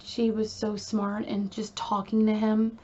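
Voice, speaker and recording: A woman's voice: medium pitch, monotone, measured pace, darkish tone, muffled recording. A woman hosting a casual true crime video, talking in a chatty, emphatic way with frequent fillers and asides.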